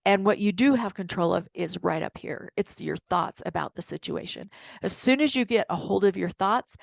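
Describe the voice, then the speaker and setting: A middle-aged woman, a dental hygienist and coach, telling a work story to an audience in a lively way, acting out what people said. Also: fairly low pitch, moderate pace, gravelly, no echo. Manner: storytelling, animated retelling with quoted dialogue. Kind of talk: casual talk to an audience.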